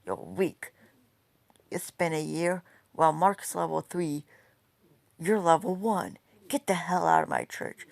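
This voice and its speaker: A woman's voice: lowish voice, very animated, slow pace, gravelly, pauses often, no room sound, exaggerated voice. A woman voicing a cold, dismissive goddess who leads her own household. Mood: scornful. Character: cold, dismissive female goddess, head of a familia.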